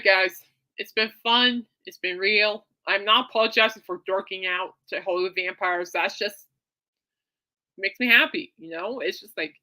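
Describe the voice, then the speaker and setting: This is a woman hosting a solo podcast, rambling through a story with lots of fillers, restarts and bursts of excitement. Her voice is bright and forceful, sitting at an ordinary pitch for a woman. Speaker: podcast host. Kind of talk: casual rambling monologue.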